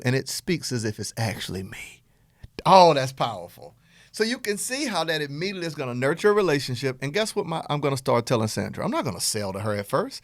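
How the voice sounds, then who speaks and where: Animated Southern man, lively pitch. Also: normal speed, no room sound, clean studio sound. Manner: animated, playful, acts out dialogue in quotes. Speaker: podcast host and business coach. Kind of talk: energetic motivational talk.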